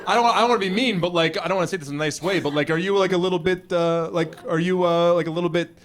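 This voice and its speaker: American man doing animated stand-up. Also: on the high side, rapid-fire, few pauses. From United States. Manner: animated, acts out voices of others. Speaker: stand-up comedian. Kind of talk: stand-up comedy. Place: comedy club stage before a live audience.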